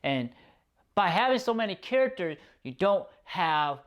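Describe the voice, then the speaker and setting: A man's voice: high voice, big pitch swings, unhurried, fairly bright tone, clean tone. A man giving a casual spoken movie review, rambling with lots of "like" and "um" fillers and casual swearing. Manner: loose and rambling, full of "like" and "um", swears freely.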